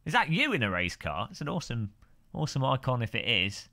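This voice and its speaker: Bright-voiced man chatting to stream. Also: medium pitch, very animated, quick pace. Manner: rambling, greets chat by name, joking. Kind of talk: casual live stream chat.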